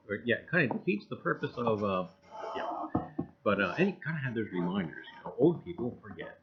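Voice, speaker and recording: A man's voice: mid-range voice, very animated, brisk, highs cut off, a little hiss or hum. A man hosting a casual livestream in a folksy, jokey way, greeting viewers by name and repeating stock phrases. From US Northeast. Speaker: livestream host.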